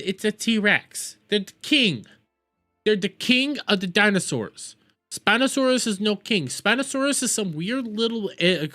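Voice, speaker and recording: A man's voice: sits high, bright, forceful tone. A young man casually reacting to clips on a stream, crude and swearing, repeating his words as he goes.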